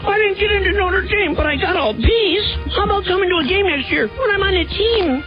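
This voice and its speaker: A man playing a squeaky, dim-witted football dreamer. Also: expressive, a little fast. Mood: glum. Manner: earnest, cheerfully naive. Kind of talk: comedic radio play parody. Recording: dull lo-fi recording with music behind.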